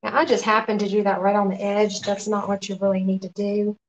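A woman running a live painting demo in her art studio, relaxed and often murmuring to herself as she works. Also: mid-range voice, fairly quick, muffled recording. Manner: relaxed, talks to herself while working, often quiet and off-mic. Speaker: painting instructor.

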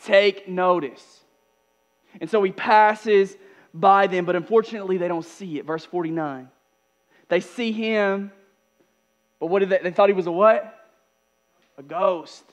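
A man pastor delivering a sermon, moving between loud emphatic passages and soft, hushed asides. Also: high-pitched, normal speed, pauses often. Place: church.

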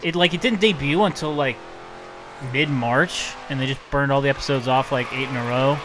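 A man's voice: medium pitch, moderate pace, fairly bright tone, slight background noise, poor audio. A man co-hosting a casual gaming chat, reading out viewer comments and talking loosely with plenty of fillers. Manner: chatty, loose, filler-heavy.

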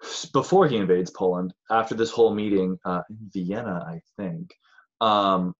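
A man's voice: low-pitched, normal speed, dull audio. A man teaching a casual history lesson in a chatty, rambling way, sometimes acting out voices of historical figures.

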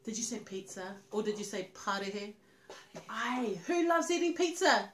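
A woman's voice: medium pitch, expressive, moderate pace. A New Zealand woman presenting a sing-along for preschoolers, cheerfully calling out questions to young children. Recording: roomy sound with guitar music.

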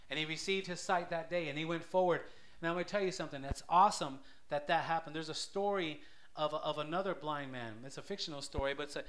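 Bright-voiced man preaching a sermon. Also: fairly high pitch. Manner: conversational storytelling, swells loud for emphasis; many restarts and stammers. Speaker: lay preacher.

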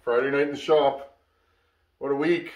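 A Canadian chainsaw repair host with a medium-pitched voice makes easygoing shop chat at normal speed, weary after a long work week. He rambles, uses many "uh"s, and the lo-fi recording echoes around his workshop.

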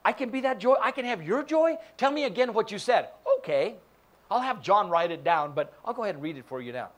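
A man's voice: sits high, brisk. A male pastor giving a sermon in church, joking and acting out quoted voices. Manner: animated, jokey, acts out quoted voices. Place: church sanctuary.

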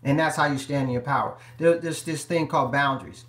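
A man's voice: medium pitch, fairly quick, few pauses, reverberant. A man, a relationship life coach, giving emphatic, repetitive advice straight to his viewers on a live stream.

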